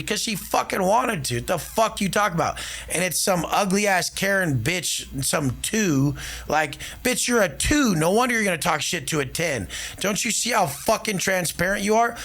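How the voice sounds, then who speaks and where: Brash, swearing man with a gravelly voice. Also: sits high, animated, normal speed, fairly bright tone. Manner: brash, profane, swaggering. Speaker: podcast guest. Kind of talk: boastful casual talk.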